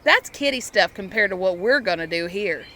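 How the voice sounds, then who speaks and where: A woman's voice: mid-range voice, expressive, moderate pace, bright, forceful tone, slight background noise. A woman playing a cocky American negotiator with a boastful, folksy way of talking.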